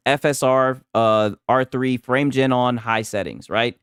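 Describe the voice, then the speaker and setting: A man's voice: mid-range voice, steady tone, measured pace, a bit bright, clear, resonant tone, no echo, studio quality. A man doing casual gaming reaction commentary, profane and mocking, who keeps asking "right?".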